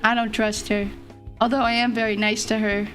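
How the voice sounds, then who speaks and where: A woman's voice: fairly high pitch, little pitch movement, moderate pace, a bit bright, soft background music. A young woman streamer chatting casually and rambling, laughing often as she talks. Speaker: vtuber streamer. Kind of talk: casual chat.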